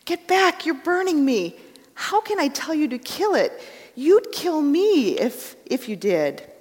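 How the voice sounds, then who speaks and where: A woman acts out a frightened male ghost in a read-aloud parable. He whines and pleads in a raised, strained pitch, and a long reverb trails his words as if in a large hall. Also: expressive, moderate pace. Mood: panicky. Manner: panicky, pleading, high-pitched.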